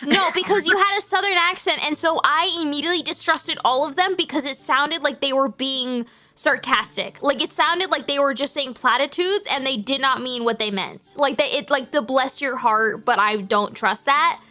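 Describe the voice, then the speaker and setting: A young woman streamer, chatting in a high, bright voice. Her talk is animated and giggly, and she rambles on from one thought to the next. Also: moderate pace, few pauses. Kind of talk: casual stream chat.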